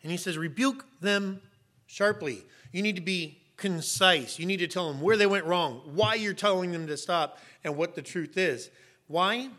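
A middle-aged man preaching a sermon as a pastor, emphatic and sometimes rising to sharp raised shouts. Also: sits high, moderate pace.

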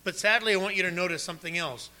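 Male preacher, fairly high and very bright tone, emphatic sermon delivery with soft low drops. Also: very fast. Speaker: pastor.

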